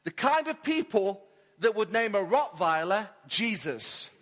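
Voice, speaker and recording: A man's voice: sits high, big pitch swings, a little slow, a bit bright, full character voice. A man doing a cheeky talking parrot. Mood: warning. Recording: reverberant church hall.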